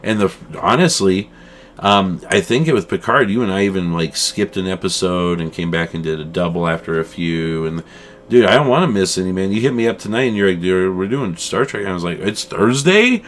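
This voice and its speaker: Rambling deep-voiced man chatting casually. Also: fairly quick, a little hiss or hum. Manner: rambling, animated, says "dude" and "man" a lot. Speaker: podcast co-host. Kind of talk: casual chat.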